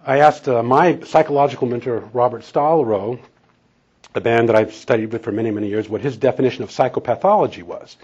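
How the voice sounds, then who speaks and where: A man's voice: medium pitch, fast, darkish tone, slightly rough, highs cut off. A man preaching a sermon in a conversational, storytelling way, chuckling now and then. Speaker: pastor and counselor.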